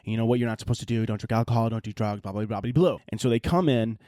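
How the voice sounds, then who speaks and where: A young man hosting a podcast, telling comedic stories in an animated, profane, mocking way. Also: medium pitch, rapid-fire, no echo, clean studio sound. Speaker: podcast host. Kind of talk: comedic storytelling monologue.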